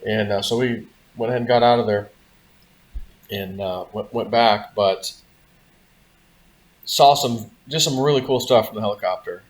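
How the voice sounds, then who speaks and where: A man's voice: on the low side, normal speed, long pauses. Rambling man telling a story. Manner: rambling, full of "you know" and "like". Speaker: vlog host. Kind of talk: casual storytelling to camera.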